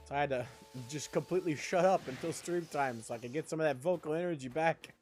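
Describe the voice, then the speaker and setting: A man's voice: on the high side, quick pace, darkish tone, soft background music. A young man streaming live, chatting casually while he plays a game, rambling with jokey asides. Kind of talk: casual chat while gaming.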